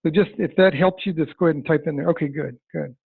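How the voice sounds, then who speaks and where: Gravelly man teaching over a phone line. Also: fairly high pitch, fast. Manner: folksy, emphatic, acts out client dialogue. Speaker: sales trainer. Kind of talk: webinar training talk. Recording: dry tinny phone-like line.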